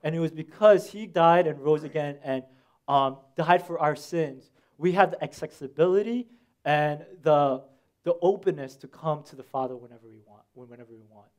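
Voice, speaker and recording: A young man preaching a sermon as a pastor, telling stories in an animated way with slangy asides. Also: fairly high pitch, moderate pace.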